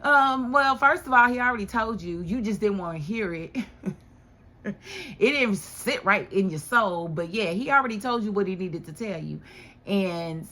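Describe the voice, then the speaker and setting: A woman giving a casual, chatty recap of a TV drama episode, animated and full of rhetorical questions. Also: medium pitch, normal speed. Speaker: TV show reviewer.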